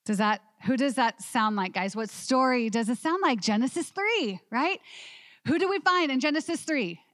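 A woman teaching a women's Bible study class, animated and asking her listeners questions. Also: mid-range voice, dry recording, studio quality.

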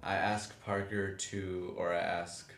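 Low-voiced joking male player, roomy sound. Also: little pitch movement, slow pace, creaky, a bit bright. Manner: joking, rambling. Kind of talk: casual tabletop game chat. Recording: echoey room, faint noise.

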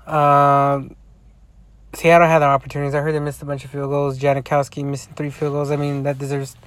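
A man's voice: fairly high pitch, no echo. A tired man in a casual vlog rant, rambling with heavy swearing and frequent restarts. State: tired, yawning. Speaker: sports fan vlogger.

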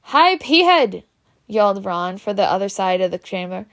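A woman reading a children's story aloud in a steady way. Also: medium pitch, a little fast. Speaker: reader.

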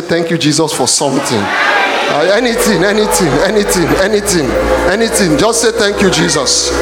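A man preaching a sermon in a church, often shouting calls to the congregation. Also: high-pitched. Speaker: pastor. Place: church hall. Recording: echoey church hall.

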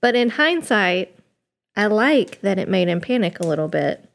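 Relaxed woman recounting a story. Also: medium pitch, normal speed, creaky. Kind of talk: casual chat.

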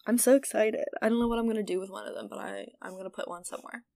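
A woman's voice: medium pitch, steady tone, rapid-fire, vocal fry, mellow, no room sound. A young woman co-hosting a podcast in casual chat, bubbly and giggly, rambling through her thoughts. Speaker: podcast co-host.

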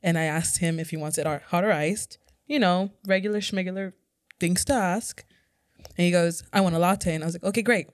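A woman's voice: fairly low pitch, fairly even intonation, normal speed, dry recording, studio quality. A woman co-hosting a casual podcast, telling a story in a sassy, blunt way with swearing. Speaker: podcast co-host.

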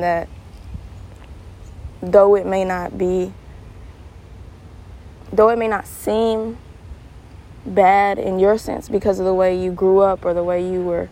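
A young adult woman hosting a podcast alone, telling stories with animated laughter and turning earnest when giving advice. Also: medium pitch, low-quality recording. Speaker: podcast host. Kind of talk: casual solo monologue.

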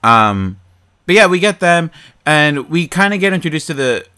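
A man in casual chat, recapping a movie plot in an animated, profane way and mocking the characters. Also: a little high, moderate pace, clear, resonant tone. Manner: animated, profane storytelling with mocking quoted voices. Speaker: podcast co-host.

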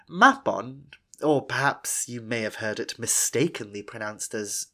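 A man hosts his own podcast and tells an old tale in a measured, unhurried storyteller's way. His pitch rises and falls freely, which makes the telling sound lively and expressive. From Wales. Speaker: podcast host. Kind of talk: scripted narration and podcast intro.

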